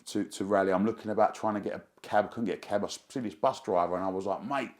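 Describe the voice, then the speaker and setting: Lively man telling a story. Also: on the low side, quick pace. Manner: excitable, rambling, fond of slang. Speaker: interview guest. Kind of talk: animated anecdote telling.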